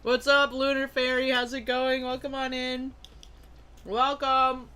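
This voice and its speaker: Young adult stream host, bright tone, upbeat chatter, allergy-sneezy. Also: sits high, measured pace, clear, resonant tone. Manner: upbeat, greets viewers by name, frequent loud excited outbursts. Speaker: live-stream host opening trading cards. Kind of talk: casual live-stream chat.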